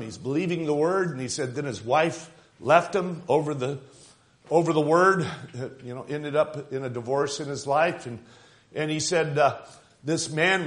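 A man preaching a fervent sermon, retelling stories and building to loud exclamations. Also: on the high side. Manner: fervent, rising to shouts, quoting and laughing.

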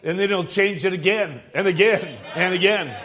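A man's voice: high-pitched, moderate pace, a bit bright, some chatter behind. A male pastor giving an emphatic evening sermon, repeating phrases and asking his congregation "right?".

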